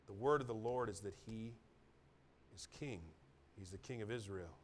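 A middle-aged man preaching a sermon as pastor, dropping to soft, near-whispered asides and then building to loud, emphatic repetitions. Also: on the low side, normal speed, a little hiss or hum.

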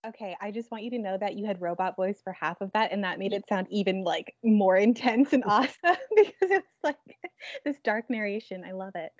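A woman's voice: medium pitch, animated, a little fast, darkish tone, dry recording, lo-fi sound. A young woman chatting casually about a book with friends, her speech full of "like". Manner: chatty, heavy use of filler "like". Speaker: book club member.

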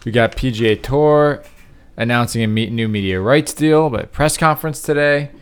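A man's voice: mid-range voice, normal speed, smooth. A man hosting a podcast in casual chat, upbeat and rambling, often correcting himself. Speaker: podcast host.

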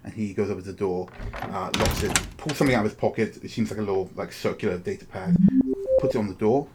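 A man's voice: on the low side, fast talker, very noisy. A man narrating a tabletop game as game master, describing scenes at length with many restarts. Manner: descriptive, full of fillers and restarts.

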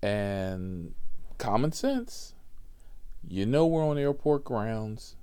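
A man's voice: on the low side, lively intonation, drawn-out words, warm tone, clean tone. A man telling a story about driving a passenger, in an exasperated, profane rant that he aims at his viewers.

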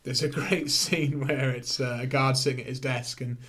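A man's voice: mid-range voice, steady tone, normal speed, fairly bright tone, breathy edge. A man in a casual film review chat with an ordinary mid-range voice. He rambles, laughs often and swears freely as he talks.

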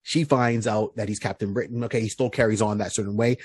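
A man's voice: lowish voice, steady tone, fast, darkish tone, husky, dry recording, clean studio sound. A man co-hosting a podcast, casually recapping a comic book hero's story, rambling with lots of fillers and restarts. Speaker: podcast co-host.

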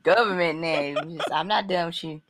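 A woman's voice: on the low side, normal speed, fairly bright tone. A woman co-hosting a podcast, reacting with short casual interjections. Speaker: podcast co-host. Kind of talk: casual chat.

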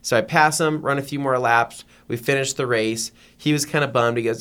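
A man co-hosting a podcast, telling a story with lively energy, acting out what people said and often checking in with "right?". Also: medium pitch, fairly quick, few pauses. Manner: animated storyteller who acts out quoted lines. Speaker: podcast co-host. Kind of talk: casual storytelling chat.

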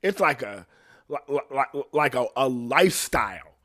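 A man with a mid-range voice rants on his podcast in a loose, comedic way. He swears constantly, laughs at his own points, and now and then sinks into a low mutter. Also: sing-song, moderate pace, sharp tone. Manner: profane, rambling, laughs often; drops to a low mutter at times. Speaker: podcast host. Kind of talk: casual comedic rant.

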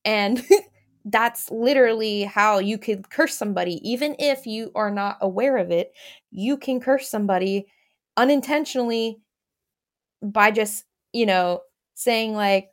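Woman co-host, mid pitch, chatty storyteller with a potty mouth. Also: a little slow. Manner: chatty storyteller, casual cursing. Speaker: podcast co-host. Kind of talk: casual podcast chat.

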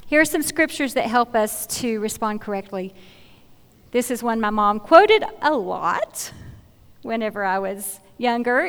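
A middle-aged woman giving an earnest, conversational Bible talk in a church, often repeating phrases as she searches for words. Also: a little high. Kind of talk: sermon-style Bible teaching. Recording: long hall reverb.

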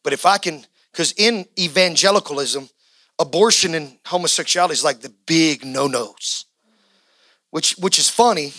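A male pastor delivering an impassioned sermon, swinging from quiet talk to shouting. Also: on the high side, normal speed, dry recording, rough recording.

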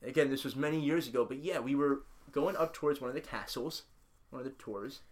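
Man, podcast co-host, wry storyteller, mid-range voice. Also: mid-range voice. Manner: wry, deadpan asides, halting restarts. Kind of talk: casual chat. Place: his own house.

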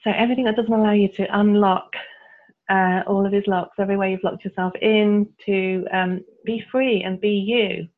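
A woman, a guest coach who tells stories with frequent laughter and leads clearing statements in a conversational interview. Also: mid-range voice, normal speed. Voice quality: laughs often, animated storytelling. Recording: tinny phone-like line.

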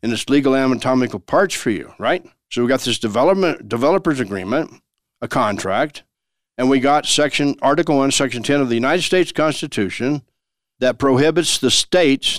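A man's voice: mid-range voice, animated, moderate pace, no echo, studio quality. A man hosting a show and explaining law in a chatty way, asking rhetorical questions and chuckling now and then. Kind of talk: casual legal commentary.

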